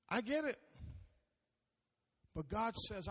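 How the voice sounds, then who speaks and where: A male pastor preaching with a high, bright voice that rises and falls freely. He laughs and calls out to his congregation as he goes. The sound rings with the long echo of a large hall. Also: drawn-out words, pauses often. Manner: animated preaching with laughs and call-outs to the congregation. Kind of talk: sermon.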